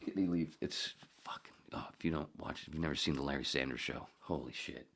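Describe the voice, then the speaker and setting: A man's voice: rumbling low, steady tone, fast, a bit bright. A man hosting a casual solo podcast, rambling and swearing freely, muttering asides to himself. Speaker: podcast host.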